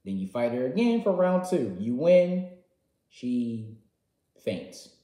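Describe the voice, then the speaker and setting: An excitable man tells a story in loose, slangy talk, jumping between loud bursts and quiet muttered asides. His voice sits at an ordinary middle pitch. The sound has a roomy echo around it. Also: takes it slowly. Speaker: gaming vlogger. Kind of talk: casual storytelling recap.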